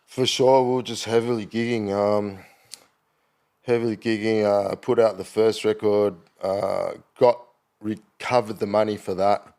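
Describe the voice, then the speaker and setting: A middle-aged man with an Australian accent and a fairly low voice rambles through stories as a podcast guest. He talks casually, full of ums, uhs and restarts, and he slips into the voices of people he is quoting. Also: fairly even intonation, measured pace, creaky, warm tone. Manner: rambling anecdotal storytelling with many fillers. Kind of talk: casual chat.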